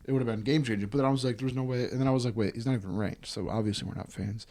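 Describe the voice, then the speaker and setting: Excitable young man with a mellow voice. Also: medium pitch, very fast, no room sound. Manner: excitable, swearing, joking. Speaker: podcast co-host. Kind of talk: casual chat.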